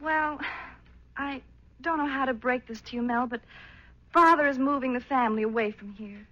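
A woman's voice: high-pitched, normal speed, muffled recording. A woman doing 1940s radio comedy acting as an exasperated girlfriend, scolding her beau. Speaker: girlfriend character.

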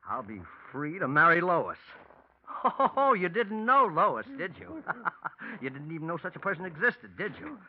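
A man's voice: medium pitch, expressive, a little fast, narrow, tinny audio, lightly acted. A man playing a gloating killer fiancé. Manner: cold, taunting, menacing. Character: scheming man murdering his fiancée. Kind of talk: 1940s radio acting. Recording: hissy old radio recording.

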